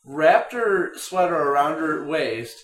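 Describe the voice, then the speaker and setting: A young man telling a crude story to friends in casual chat, profane and animated, acting out what people said. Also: on the high side, slow pace, roomy sound. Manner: profane, animated, acts out quotes.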